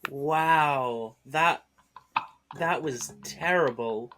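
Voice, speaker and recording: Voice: medium pitch, extremely slow, fairly bright tone, slight background noise. A podcast co-host in casual chat about wrestling, making dry, brief remarks.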